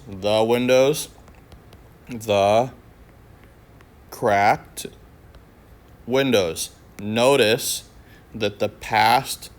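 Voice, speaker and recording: A man's voice: fairly low pitch, clean tone. A man teaching a grammar lesson, walking through each sentence with patient questions and answers.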